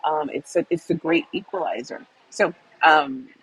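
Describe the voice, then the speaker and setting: A woman's voice: sits low, moderate pace, slightly rough, poor audio. A woman co-hosting a podcast, talking at length in a rambling, chatty way with restarts, who teaches a university class. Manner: talkative, rambling with restarts and laughs. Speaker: co-host; university instructor. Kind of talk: casual podcast conversation.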